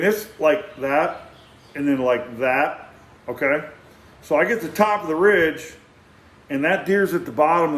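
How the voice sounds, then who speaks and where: An older man, telling a rambling personal story in an animated way, acting out sounds and often restarting his sentences. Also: fairly high pitch, reverberant.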